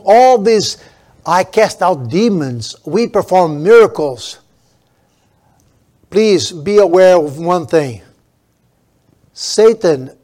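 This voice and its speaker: Emphatic male preacher, slightly high voice. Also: darkish tone. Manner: emphatic, drawn-out stresses, frequent restarts. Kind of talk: sermon.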